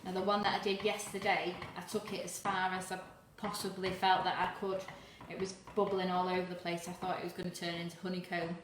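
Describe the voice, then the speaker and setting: A woman's voice: fairly low pitch, little pitch movement, a little fast, few pauses. A woman hosting a live cooking demo, talking casually while stirring, at times a little out of breath. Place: home kitchen. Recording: echoey kitchen with noise.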